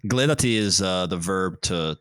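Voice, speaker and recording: Low bright-voiced man chatting. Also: lively intonation, moderate pace, clean tone, no room sound. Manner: rambling storyteller, laughs often. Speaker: podcast host. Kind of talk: casual podcast chat.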